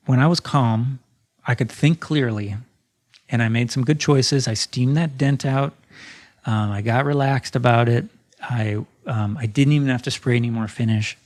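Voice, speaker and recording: Rambling male guitar-maker podcast host. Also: medium pitch. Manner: relaxed and rambling, with many fillers and restarts. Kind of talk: casual storytelling monologue.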